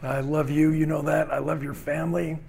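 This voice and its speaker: A man's voice: fairly high pitch, flat delivery, a little fast, creaky, a little mellow, slight background noise. A male podcast host closing an interview, effusive and upbeat as he praises his guest and signs off. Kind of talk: interview sign-off.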